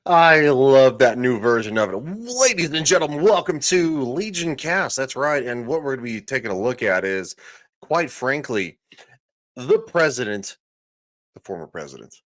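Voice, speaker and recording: A man hosting a live stream, casually commenting with quick, self-deprecating reactions. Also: mid-range voice, very animated, fairly bright tone.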